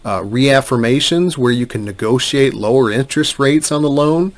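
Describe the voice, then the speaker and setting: Indignant lawyer on a soapbox. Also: male voice, medium pitch, normal speed. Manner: emphatic, indignant rebuttal with scoffing asides. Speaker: bankruptcy attorney. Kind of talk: direct-to-camera commentary.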